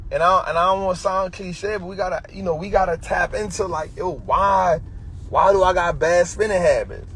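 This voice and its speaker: A man's voice: sits high, normal speed, fairly bright tone, slight background noise. A man with an Atlanta Black American English accent, giving a preachy finance talk on a livestream in street slang, repeating his points. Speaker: finance educator.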